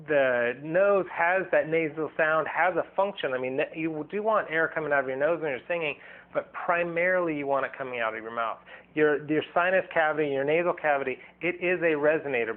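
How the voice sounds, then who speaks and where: A man at a mid pitch talks through a singing lesson in a loose, wandering way, restarting his sentences and breaking off to demonstrate sounds. The recording is narrow and tinny, like a phone line. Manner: demonstrates vocal sounds as he explains. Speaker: singing teacher. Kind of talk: casual vocal lesson video. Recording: thin, phone-like band.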